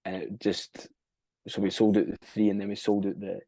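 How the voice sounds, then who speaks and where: A young Scottish man with a low, mellow voice tells his story in a loose, rambling way. He swears freely and keeps losing track of dates. The sound is dry and close. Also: level tone, moderate pace, no room sound. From Scotland. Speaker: band frontman, podcast guest. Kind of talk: casual interview chat.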